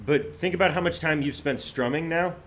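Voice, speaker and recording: A man's voice: a little high, brisk, fairly bright tone, a little hiss or hum. A man teaching an online ukulele class, counting out finger-picking patterns as he plays. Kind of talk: online group music lesson. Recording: ukulele playing under the voice.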